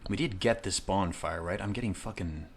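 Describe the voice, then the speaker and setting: A man in his thirties with a low voice talks at a normal pace, with a little hiss or hum in the background. He's playing a video game and delivering comedic let's-play commentary full of profanity, jokes and rambling asides.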